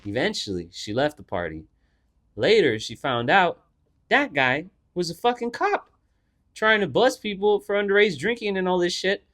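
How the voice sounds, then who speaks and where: A man's voice: sits high, sing-song, moderate pace, fairly bright tone. A young adult man co-hosting a podcast, telling a story in loose, profane casual chat full of "like" fillers. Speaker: podcast co-host.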